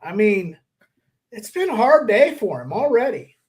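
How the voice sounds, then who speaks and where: Lively man reading news for laughs. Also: high voice, a little slow. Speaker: podcast co-host reading news stories. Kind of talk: casual comedy podcast banter.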